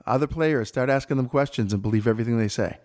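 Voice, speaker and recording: A man who teaches improv, telling stories about his classes in a casual conversation, his voice swinging up with excitement and trailing off quietly. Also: medium pitch, fast.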